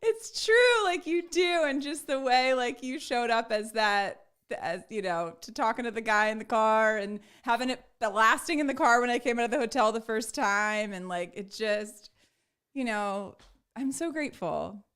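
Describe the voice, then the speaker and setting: A woman's voice: a little high, moderate pace, fairly bright tone, clear, resonant tone. A woman hosting a live online show, effusive and gushing, with many fillers. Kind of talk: casual live-stream chat.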